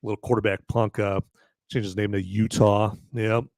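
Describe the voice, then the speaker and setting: A man's voice: on the low side, little pitch movement, moderate pace, a little mellow, no room sound. A man hosting a live film-review podcast, chatting casually in a rambling, jokey way with some swearing. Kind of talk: casual live-stream chat.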